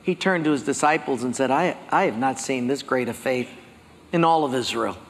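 A male pastor preaching a sermon, telling stories with lively acted-out dialogue. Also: medium pitch, moderate pace. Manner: animated storytelling, acting out dialogue. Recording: long hall reverb.

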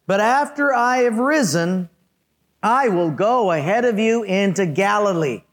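A man reading Jesus's lines slowly and solemnly in a sermon role play, in a high voice. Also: animated, fairly bright tone. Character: Jesus, calm solemn male teacher.

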